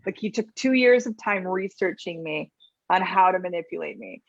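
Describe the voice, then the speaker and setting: A woman's voice: lowish voice, moderate pace, no room sound. A middle-aged woman speaking as a guest in casual conversation, chatty and full of "like," often acting out what people say. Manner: chatty, many "like"s, acts out quotes. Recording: slightly dull video call audio.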